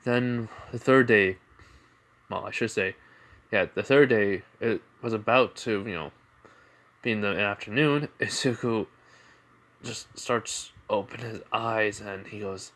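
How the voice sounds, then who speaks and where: A man's voice: lowish voice, takes it slowly, pauses often, fairly bright tone. Rambling man telling a fan story. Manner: rambling, full of "you know" and restarts. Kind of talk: improvised fan-fiction narration.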